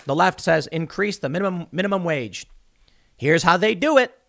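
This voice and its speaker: A man giving solo political commentary, sarcastic, mocking opponents in high put-on voices. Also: lively intonation, normal speed, vocal fry, a bit bright.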